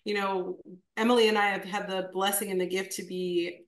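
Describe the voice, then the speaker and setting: A woman's voice: medium pitch, flat delivery, brisk. Heartfelt woman coach, echoey and distant. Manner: heartfelt, gushing, emotional. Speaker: diet coach. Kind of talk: emotional tribute in interview.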